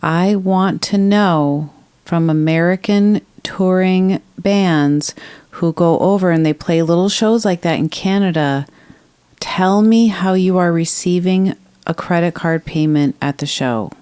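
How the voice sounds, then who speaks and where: A woman's voice: fairly low pitch, a little slow, mellow, smooth. A woman co-hosting a casual podcast over a video call, playful and fond, laughing easily. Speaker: podcast co-host.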